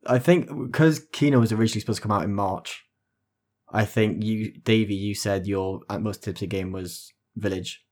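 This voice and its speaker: A man chatting casually on a gaming podcast, his voice sitting fairly low. He talks with enthusiasm and rambles as he explains things. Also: normal speed, darkish tone. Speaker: podcast co-host.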